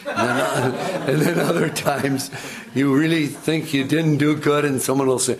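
Older male pastor, halting storytelling sermon. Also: medium pitch. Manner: halting, repeats words, conversational storytelling.

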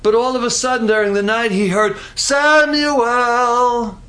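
A man preaching a sermon, telling the story in an animated way and slowing down for dramatic emphasis. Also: high-pitched. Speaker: pastor.

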